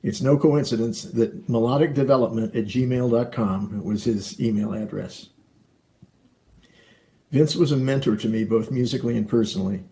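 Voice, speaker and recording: Gravelly guy with a dark low voice reading a tribute, slow and formal. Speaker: musician giving a tribute. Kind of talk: read tribute.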